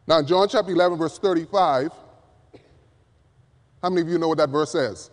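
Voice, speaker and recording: Guy preaching a sermon, pretty high voice, gets loud then goes real quiet, big echoey church hall. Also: a little fast. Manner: emphatic, swings from loud to hushed. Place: church pulpit. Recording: long reverb of a large hall.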